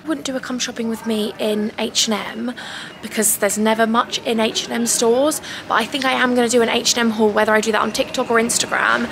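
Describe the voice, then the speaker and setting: A woman's voice: mid-range voice, fairly even intonation, normal speed, gravelly. A young English woman chatting through a casual shopping vlog, gushing over items and calling viewers huns. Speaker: vlogger. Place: large clothing store, indoors. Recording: noisy shop ambience.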